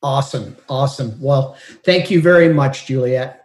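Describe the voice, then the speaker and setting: A man's voice: medium pitch, normal speed, darkish tone. A man co-hosting a podcast, upbeat and dryly joking. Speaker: podcast co-host. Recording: echoey room.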